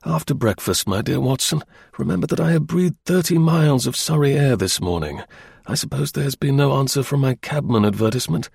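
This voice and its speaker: A man voicing a brisk, dry-witted middle-aged detective in a crisp, measured and confident manner. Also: medium pitch, lively intonation, a little mellow, no room sound, full character voice.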